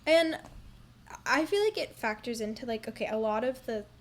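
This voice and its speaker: A woman's voice: fairly high pitch, animated, moderate pace. A young woman co-hosting a podcast in a casual book-discussion chat, laid-back and slangy, often saying "dude" and "like". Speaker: podcast co-host.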